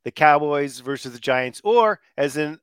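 A man's voice: on the high side, animated, a little slow, fairly bright tone, smooth, dry recording. A man co-hosting a sports podcast, upbeat, talking through stats and picks in casual banter. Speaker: podcast co-host.

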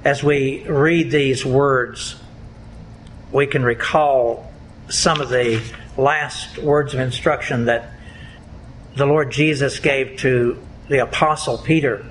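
A man preaching a sermon as pastor, in a deliberate, emphatic way. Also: mid-range voice, steady tone, slight background noise, rough recording. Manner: slow, deliberate, emphatic delivery.

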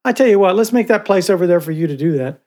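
A man's voice: sits high, expressive, quick pace, darkish tone. Rambling, profane older man co-hosting. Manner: rambling, profane, with frequent restarts. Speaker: podcast co-host. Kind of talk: casual chat.

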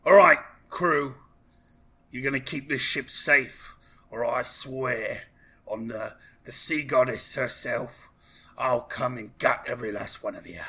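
A man's voice: medium pitch, slow pace, bright, forceful tone, slightly rough, exaggerated voice. A man doing a blustering pirate captain. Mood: menacing. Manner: blustering, threatening, drops letters. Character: gruff male pirate captain ruling by fear.

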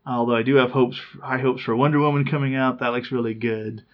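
A man's voice: mid-range voice, fairly even intonation, fairly quick. A man in casual chat, rambling and chatty, often laughing at his own stories. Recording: slightly dull lo-fi sound.

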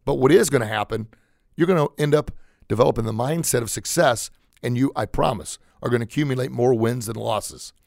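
A man's voice: medium pitch, a little fast, creaky, darkish tone, no room sound, studio quality. A man hosting a podcast, giving an emphatic, conversational motivational talk that repeats its key points. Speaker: podcast host, motivational speaker.

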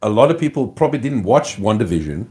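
A man's voice: on the low side, very animated, fast talker, noisy background. A man co-hosting a casual film review podcast, opinionated and rambling, with some swearing. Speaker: podcast co-host.

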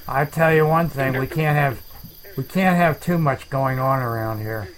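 A man hosting a comedic chat show, rambling deadpan and making up silly words. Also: medium pitch, normal speed, rough recording. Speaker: podcast host.

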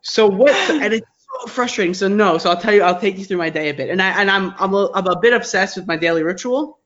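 A young man with a New York accent talks fast and high, an excitable interview guest who rambles and restarts his sentences. The audio is dull and lo-fi. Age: 20s. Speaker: guest, digital agency founder. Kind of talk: casual interview chat.

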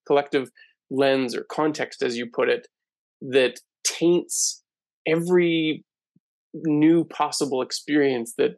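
A male host in a relaxed interview, with a gravelly, mid-pitched voice. He asks long, thoughtful questions that wind as he thinks aloud. The sound is dry and close. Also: no room sound. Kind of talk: casual interview chat.

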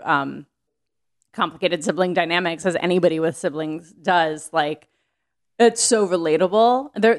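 A woman's voice: fairly low pitch, clear, resonant tone. A woman talking casually as a podcast guest, rambling with frequent restarts and casual swearing. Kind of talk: casual chat.

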